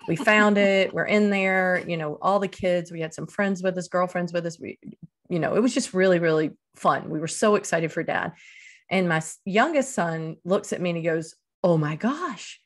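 A woman in her fifties from Eastern North Carolina, a guest telling stories in a casual, animated way and jumping up in pitch for the voices she quotes. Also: moderate pace. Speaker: author and guest. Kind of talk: casual storytelling.

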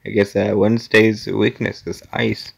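A man's voice: fairly low pitch, level tone, a little slow, creaky. A man giving casual commentary while playing an obstacle-course game, muttering to himself, sometimes dropping to a whisper and sometimes exclaiming at setbacks.

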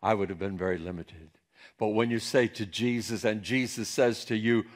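A male pastor from central Pennsylvania preaching a sermon, with emphatic swings between soft and loud passages. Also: lowish voice, sing-song, moderate pace.

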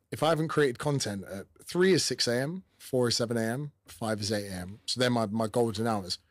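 Give me a podcast host talking quickly in a husky, lowish voice. He chats casually and tells animated stories full of swearing and acted-out quotes. The sound is dry and close on a studio mic. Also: no echo.

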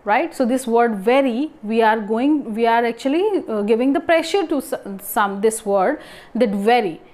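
A woman teaching grammar and asking the class questions, then answering them herself. She talks haltingly, with restarts and fillers. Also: on the high side, a little mellow. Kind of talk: classroom lesson.

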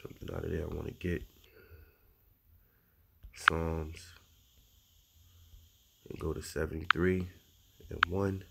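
A man's voice: very deep voice, level tone, slow, gravelly, pauses often, very noisy. A man giving informal scripture teaching in a conversational way, reading verses aloud and adding frequent asides. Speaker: religious teacher.

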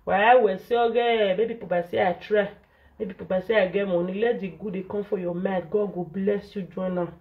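A woman's voice: mid-range voice, fairly even intonation, moderate pace, husky. A Nigerian woman vlogger, venting in Pidgin English and scolding repetitively in an indignant tone. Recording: dull lo-fi audio.

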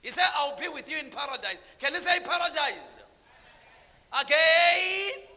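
A man preaching a sermon, calling on the congregation to answer back, dropping to low murmurs and then rising into shouted lines. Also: big pitch swings, normal speed, in a large hall.

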